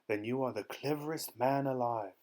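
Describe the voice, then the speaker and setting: A man doing a shrill, gushing old lady. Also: normal speed, darkish tone, close to an everyday voice. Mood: earnest. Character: excitable kindly older lady tortoise-lover.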